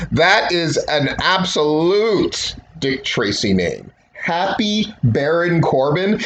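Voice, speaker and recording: A man hosting a casual solo commentary show, talking in a sarcastic, rambling, jokey way. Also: a little high. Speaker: wrestling podcast host. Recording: roomy, dull recording with faint hiss.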